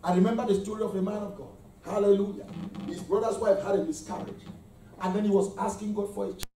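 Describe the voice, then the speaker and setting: A man's voice: sits high, fairly even intonation, fast, dark tone, a little hiss or hum. A man preaching a sermon to a congregation, leading call-and-response and calling out praise between points. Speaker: pastor. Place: church hall with congregation. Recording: echoey hall, mic far off.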